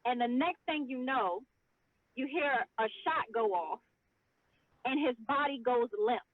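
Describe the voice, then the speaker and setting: A woman's voice: sits high, measured pace, no echo. A woman guest talking and performing spoken word poetry in an impassioned, rhythmic, emotional way, heard over a video call. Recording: dry, tinny phone-like audio.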